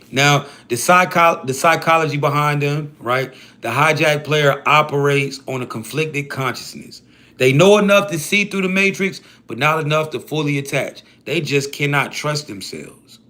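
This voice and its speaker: A man's voice: medium pitch, bright, forceful tone. A man hosting a livestream, talking casually and profanely to his chat in heavy slang. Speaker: livestream host.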